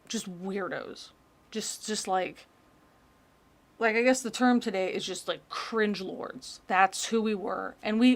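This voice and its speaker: Brief: woman streamer, casual rambling reaction chat, quick jokes. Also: medium pitch. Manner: chatty, joking, rambling asides.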